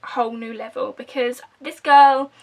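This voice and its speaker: Fairly high in pitch with a darkish tone, her voice keeps fairly even intonation at a moderate pace. She's a young English beauty vlogger with an Essex accent, reviewing makeup in a gushing, chatty manner that occasionally sinks to a whisper.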